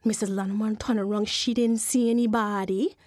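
A woman storyteller, telling a folk tale with lively, dramatic pacing. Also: medium pitch, fairly quick, dry recording, studio quality. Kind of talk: animated oral folk storytelling.

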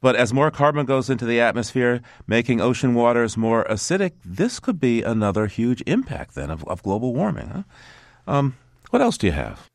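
A man's voice: mid-range voice, very animated, moderate pace, no room sound, clean studio sound. A man hosting a radio show, introducing a regular guest and trading wry banter with him. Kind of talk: scripted radio interview.

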